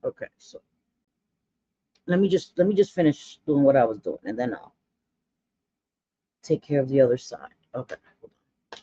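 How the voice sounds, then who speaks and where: A woman's voice: extremely low pitch, sing-song, moderate pace, long pauses, dark tone, slightly rough, no room sound. Forties woman vlogger, blunt gossipy chatter, dry, slightly dull home recording. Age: 40s. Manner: blunt, gossipy, dramatic asides. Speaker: makeup vlogger. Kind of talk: casual chatty makeup tutorial.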